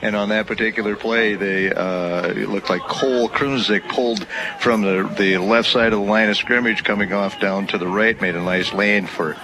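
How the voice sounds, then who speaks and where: A man giving color commentary at a local football game, explaining plays in an unhurried way with small hesitations. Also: on the low side, fairly even intonation, crowd noise. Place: press box at a small-town football field. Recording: outdoor broadcast with field noise.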